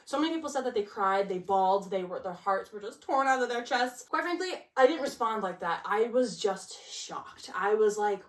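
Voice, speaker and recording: A woman's voice: mid-range voice, expressive, normal speed, few pauses, far from the mic. A young woman chatting about her book picks, gushing and casual, filling her talk with likes and laughs. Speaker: book vlogger. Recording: echoey room, off-mic.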